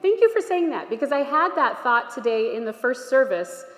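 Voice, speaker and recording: A woman's voice: a little high, big pitch swings, normal speed. Encouraging woman teacher in an echoey church. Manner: gentle, encouraging, invites the group to try things. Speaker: Alexander Technique teacher leading a workshop. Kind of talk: guiding a group exercise.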